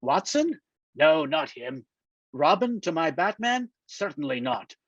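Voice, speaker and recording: A man reading a novel aloud and voicing a dry, teasing older man with a gruff, droll manner. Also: on the high side, very animated, measured pace, a bit bright, no room sound, heavily acted. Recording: dull, muffled dry sound.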